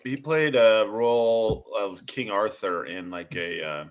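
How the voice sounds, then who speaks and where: A man co-hosting a casual comic podcast, joking and sometimes halting as he talks. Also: lowish voice. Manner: jokey, puts on mock British voices. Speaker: podcast co-host.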